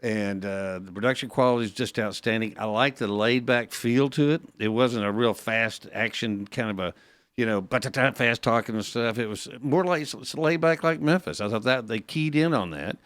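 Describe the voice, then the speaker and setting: A man co-hosting a radio talk show, speaking in a laid-back, halting way with many fillers. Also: medium pitch, a bit bright, smooth, no echo. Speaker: radio co-host. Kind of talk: casual radio chat. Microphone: studio microphone.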